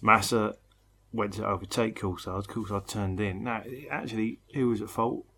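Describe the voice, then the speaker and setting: A man's voice: on the low side, steady tone, normal speed, vocal fry, pushed and bright, a little hiss or hum. A tired man co-hosting a casual chat show, rambling and wry, and often laughing. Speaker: podcast co-host. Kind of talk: casual chat about motor racing.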